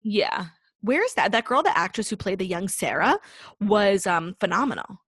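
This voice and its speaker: A woman's voice: medium pitch, lively intonation, moderate pace, a bit bright, slightly rough, dry recording. A young woman co-hosting a podcast in casual chat, talking with lots of "like" fillers. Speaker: podcast co-host.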